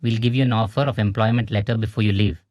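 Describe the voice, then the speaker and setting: A brisk, cheerful male interviewer from an audiobook, fired off quickly in a lifted, higher voice that a man puts on. The recording is dry and close. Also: fairly even intonation, dry recording, dull audio, lightly acted. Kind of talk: audiobook character voice.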